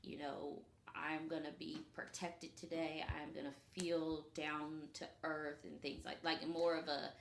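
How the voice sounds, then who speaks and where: A woman co-hosting a casual chat about spiritual practice, rambling with many fillers and dropping into soft, breathy asides. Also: low-pitched, level tone, a little slow, hardly any pauses, slight background noise. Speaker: podcast co-host. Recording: echoey room.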